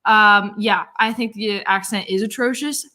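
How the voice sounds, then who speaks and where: A woman's voice: medium pitch, fairly even intonation, sharp tone. A young woman from Nashville, Tennessee, co-hosting a casual livestream chat in a playful, dramatic, teasing way. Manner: playful, dramatic, quick to tease. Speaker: co-host.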